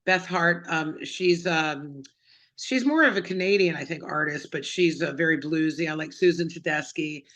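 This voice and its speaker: A woman's voice: low voice, normal speed, fairly bright tone. A middle-aged woman singer-songwriter, chatting as an interview guest, telling stories with lots of fillers. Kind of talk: casual interview chat.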